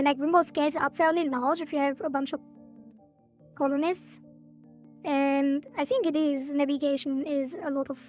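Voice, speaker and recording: High-voiced woman streamer thinking aloud. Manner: thinks aloud, hedging, frequent laughs. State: voice cracking. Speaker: game developer streamer. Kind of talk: casual live-stream chat.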